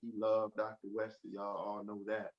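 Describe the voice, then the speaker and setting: A man's voice: completely flat delivery, normal speed. Fervent man giving a testimony. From Oakland. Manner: fervent, builds to loud emphatic peaks. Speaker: podcast guest. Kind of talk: testimony in a podcast interview. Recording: roomy, dull low-fi sound.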